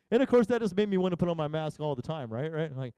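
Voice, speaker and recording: A man's voice: a little high, dark tone, clear, resonant tone, no echo. A male pastor giving a humorous sermon, telling stories and acting out the voices of the people in them. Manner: jokey storyteller acting out quoted voices. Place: church service live stream.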